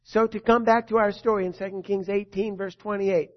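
A male pastor preaching a sermon in an earnest way, moving between soft and emphatic. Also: high-pitched, steady tone, a little fast. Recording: dull lo-fi recording.

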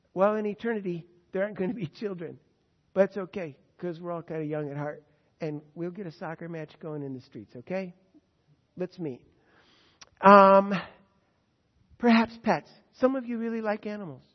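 A man preaching to an audience in an enthusiastic, conversational way, asking them questions directly. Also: high voice. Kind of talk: sermon on heaven and the new earth. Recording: muffled sound with long hall reverb.

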